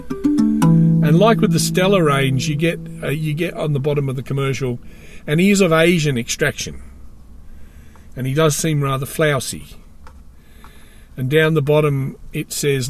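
An Australian man delivering a rambling comic monologue with wry, sardonic asides. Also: a little high.

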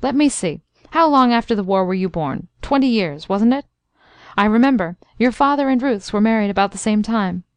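A woman's voice: on the high side, animated, smooth, no room sound, lightly acted. A woman reading as a blustering old Southern major. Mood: scolding. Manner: brisk, exclamatory.

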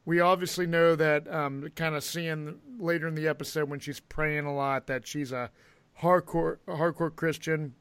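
Smooth-voiced man recapping a show. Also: fairly high pitch, level tone, normal speed, a bit bright, no room sound. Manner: rambling, many fillers. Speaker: podcast host. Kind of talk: casual recap chat.

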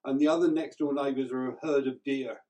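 A man's voice: mid-range voice, steady tone, brisk, a crowd in the background, rough recording. A man with an English accent, co-hosting a radio show in casual chat, talking freely and laughing often. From England.

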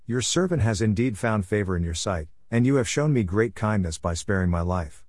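A man's voice: fairly low pitch, animated, a little fast, a little mellow, no echo, studio quality. A man reading as an anxious pleading host. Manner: urgent, imploring.

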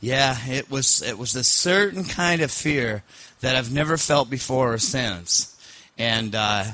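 A man's voice: mid-range voice, animated, a little slow, bright, forceful tone, dry recording. A man hosting a podcast, telling a personal story casually, rambling with fillers and restarts. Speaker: podcast host.

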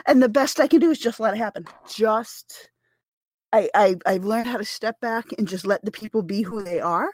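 A woman podcast host talks in a loose, animated, self-deprecating way and laughs easily. Her voice sits at an ordinary middle pitch. She is recorded close and dry, with no room sound. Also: normal speed, no echo. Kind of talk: casual podcast chat.

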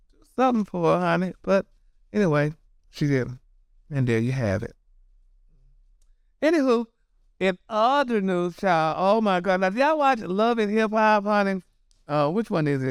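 Sassy high-voiced gossip host, man. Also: clear, resonant tone, no room sound, studio quality. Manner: sassy, dramatic, keeps saying honey and girl. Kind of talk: casual gossip commentary.

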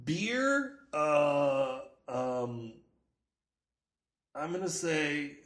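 A man with a fairly high voice and swooping pitch chats casually on a podcast. He is wry and deadpan, with bursts of mock exasperation, and the room echoes around him. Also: very slow. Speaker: podcast co-host. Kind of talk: casual chat.

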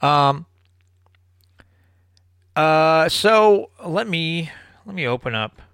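A man's voice: fairly high pitch, animated, extremely slow, a bit bright, clear, resonant tone, no echo, clean studio sound. A man hosting his own live stream show, rambling through closing announcements with many fillers and restarts. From Missouri. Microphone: own microphone at a desk.

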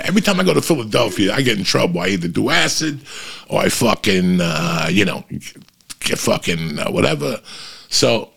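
Middle-aged male podcast host, deep and husky, profane rambling storyteller. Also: moderate pace. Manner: profane, rambling, animated anecdotes.

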